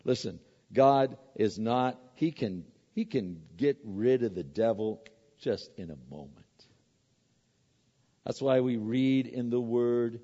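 A man's voice: mid-range voice, lively intonation, takes it slowly, mellow. A man preaching a sermon, emphatic and repetitive, asking rhetorical questions and answering them. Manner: emphatic, repeats words, asks rhetorical questions. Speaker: pastor. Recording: echoey hall, dull lo-fi sound.

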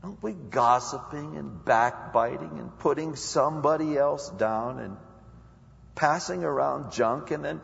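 A man's voice: fairly high pitch, unhurried, gravelly, long reverb tail, highs cut off. Man preaching a conversational sermon. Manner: conversational preaching, acts out prayers and inner dialogue. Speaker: pastor.

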